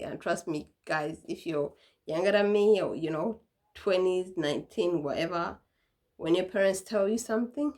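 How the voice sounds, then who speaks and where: A woman's voice: fairly low pitch, darkish tone. A young woman talking casually to camera in a vlog, chatty and laughing, acting out what her mom used to say. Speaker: vlogger.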